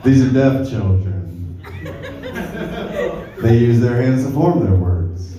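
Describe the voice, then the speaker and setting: A young man doing a stand-up comedy set, telling stories in a laid-back, deadpan way. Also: mid-range voice, takes it slowly. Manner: laid-back, deadpan storytelling with crowd laughter. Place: comedy club stage. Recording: roomy club sound from far off. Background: audience laughter.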